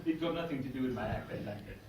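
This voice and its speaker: A man's voice: mid-range voice, racing. A man performing a live comedy magic act at a party, joking with the crowd in a put-on French waiter voice. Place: golf club function room. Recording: echoey function room from far off, loud party noise.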